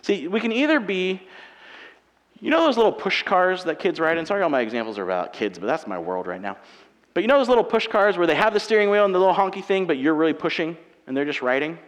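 A man in his thirties preaching a conversational sermon as a pastor, moving between quiet, chatty asides and loud, emphatic passages in a church auditorium. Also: sits high, sing-song, fast. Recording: hall reverb from a church sanctuary.

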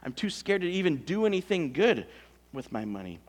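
A preacher acting as a stammering, fearful servant. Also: male voice, high voice, very animated, fairly quick. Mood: nervous. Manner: nervous, stammering excuses. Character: fearful, excuse-making male servant.

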